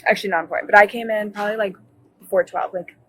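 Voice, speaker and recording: A woman's voice: mid-range voice, steady tone, very fast, a bit bright, husky, low-quality recording. A young woman recounting a night's events to a police officer, rambling with lots of "like" and correcting herself as she goes, recorded by a body camera in a college dorm. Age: young adult. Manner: rambling, fillers of "like", self-correcting. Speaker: witness talking to police.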